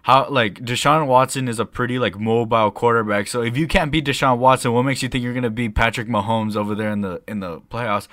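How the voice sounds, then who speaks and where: A young man co-hosting a casual podcast, telling a rambling story with lots of swearing and excitable bursts. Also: mid-range voice, a little fast, hardly any pauses, no echo, studio quality. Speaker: podcast co-host. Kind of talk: casual chat.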